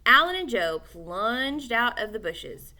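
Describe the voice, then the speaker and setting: Lively high-voiced woman reader for a children's audiobook, bright tone. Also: takes it slowly. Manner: animated with small slips and self-corrections. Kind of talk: reading a children's novel aloud.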